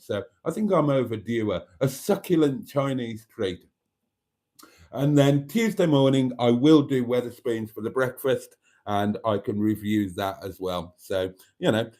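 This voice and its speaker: Brummie bloke from wales chatting away on a livestream, keeps clearing his throat, jokey. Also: lowish voice, warm tone. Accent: Birmingham. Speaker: livestream host. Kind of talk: casual livestream chat reading viewer comments.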